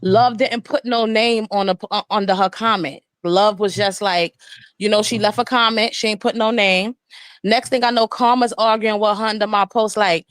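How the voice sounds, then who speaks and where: A grown woman live-streaming, telling a long story in a blunt, profane and indignant way, with rapid run-on retelling. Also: mid-range voice, steady tone, fairly bright tone. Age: adult.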